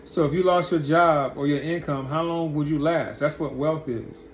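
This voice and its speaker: This man, a commentary channel host, speaks at normal speed with fairly even intonation, his pitch on the high side for a male voice. His monologue is blunt and profane, one rhetorical question after another, over a faint hiss.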